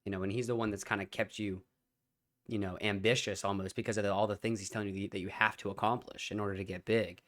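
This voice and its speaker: Low-voiced young man reacting excitedly. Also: quick pace. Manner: excited, slangy, thinks aloud. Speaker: reaction video host. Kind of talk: casual reaction commentary.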